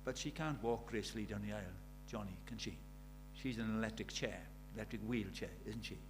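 A middle-aged man preaching a sermon. He drops to near-whispers and then rises to loud, urgent questions. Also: fairly low pitch, fast talker, background noise. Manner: swings from hushed intimacy to loud urgent questions.

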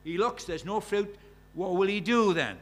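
A man's voice: sits high, expressive, moderate pace. A man preaching a sermon in a conversational way, asking the congregation many questions and reciting scripture with rising force.

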